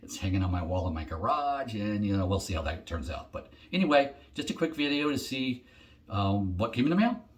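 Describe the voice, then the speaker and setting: A man's voice: fairly low pitch, big pitch swings, brisk. A middle-aged man chatting casually through an unboxing, rambling and thinking aloud with frequent ums. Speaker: shaving vlogger.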